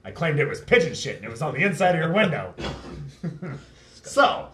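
A man co-hosting a podcast, talking crudely and loudly, laughing often and mimicking people. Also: on the high side, very animated, moderate pace, roomy sound, a little hiss or hum. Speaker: podcast co-host. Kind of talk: crude casual chat.

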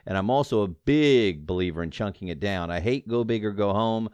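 A man's voice: fairly low pitch, a little fast, a little mellow, clean tone, no room sound, muffled recording. A man hosting a podcast, talking in an upbeat, encouraging and folksy way. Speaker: podcast host. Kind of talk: motivational interview chat.

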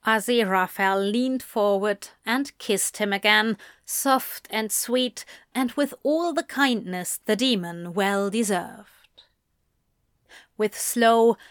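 Slow, unhurried woman narrator. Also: medium pitch, clean tone, dry recording, studio quality. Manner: even, unhurried storytelling. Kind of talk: reading fan fiction aloud.

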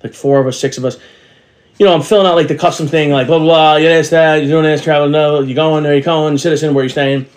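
A fairly high, steady-toned male voice comes through fast as this middle-aged co-host chats casually on a podcast. He meanders through his stories, mimicking the voices of people he came across.

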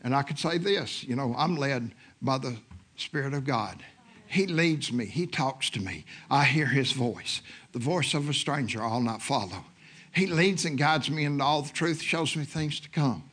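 A man preaching a sermon as guest minister, moving from quiet scripture teaching to loud shouted preaching. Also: mid-range voice, slightly rough. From Oklahoma. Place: church sanctuary.

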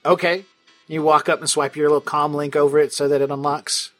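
A man with a fairly high voice narrates a tabletop game as its game master. His manner is playful and wry, and he often laughs between lines. Faint music plays behind him. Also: little pitch movement, brisk, a bit bright.

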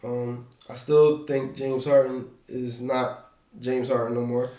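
A man from Philadelphia hosting a podcast, talking sports in casual, profane, animated banter. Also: mid-range voice, slow pace, reverberant. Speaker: podcast host.

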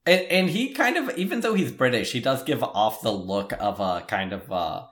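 A man's voice: mid-range voice, expressive, moderate pace, fairly bright tone. A young man co-hosting a casual comedy podcast, wry and teasing, often restarting his sentences. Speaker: podcast co-host.

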